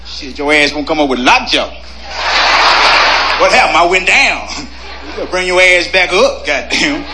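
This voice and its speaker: A man doing a stand-up comedy bit with a raspy, laughing delivery. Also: fairly high pitch, expressive, moderate pace, heavy background noise. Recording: loud crowd ambience on a played clip.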